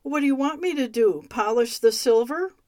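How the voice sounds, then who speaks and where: A woman's voice: fairly high pitch, lively intonation, moderate pace, darkish tone, no echo, close to an everyday voice. A woman reading a fussing, insistent husband. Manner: persistent, questioning. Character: anxious husband, adult man.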